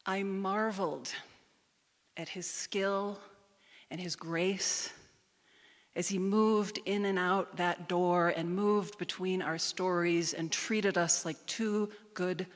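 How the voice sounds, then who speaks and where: A woman telling a personal story on a live stage, in a measured and emphatic manner. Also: lowish voice, fairly even intonation. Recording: reverberant live hall.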